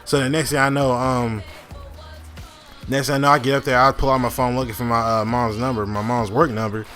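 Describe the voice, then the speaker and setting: Young man, casual storytime, rambling, lots of fillers, swears, mid-pitched voice, faint music behind. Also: little pitch movement, fairly quick, a bit bright. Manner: rambling, many fillers and restarts, frequent profanity. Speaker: gaming channel host. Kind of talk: casual storytime over gameplay.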